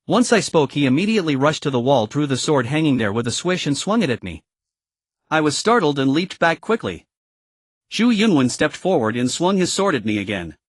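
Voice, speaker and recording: A man reading a first-person martial arts story as an audiobook narrator, in an even storytelling manner. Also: fairly high pitch, dry recording.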